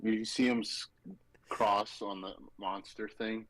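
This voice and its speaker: A man hosting a casual sports betting podcast, animated and mocking as he talks. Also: on the low side, slow pace, low-quality recording. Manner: animated, mocking, quotes people in sarcastic voices. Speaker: podcast host.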